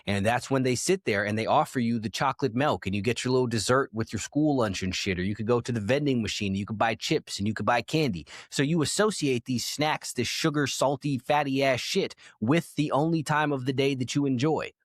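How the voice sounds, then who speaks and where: A man's voice: medium pitch, a little fast, few pauses, no room sound, clean studio sound. Blunt, profane man ranting on a podcast. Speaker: podcast co-host. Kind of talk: casual podcast rant.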